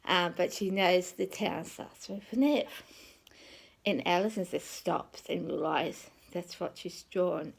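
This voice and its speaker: Woman, psychic, low creaky voice, rambling off-the-cuff storyteller. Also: slow, poor audio. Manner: rambling and conversational, often trailing off with "kind of thing". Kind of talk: personal storytelling monologue.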